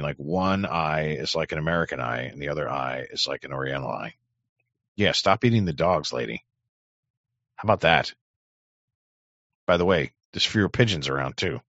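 A man's voice: extremely low pitch, a bit bright, no echo. A man hosting an online radio show, reacting bluntly and crudely to clips and often repeating himself. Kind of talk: casual reaction commentary. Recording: dry, dull lo-fi mic.

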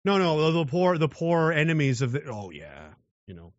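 A man's voice: on the high side, brisk, no echo, lo-fi sound. A man delivering a blunt, aggressive monologue rant, mocking those who show mercy.

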